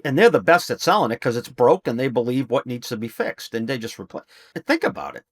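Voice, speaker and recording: A man's voice: medium pitch, animated, quick pace, no room sound. Middle-aged man, emphatic salesman-like delivery, casual podcast guest, dry close sound. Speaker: podcast guest, HVAC business trainer. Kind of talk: casual interview talk.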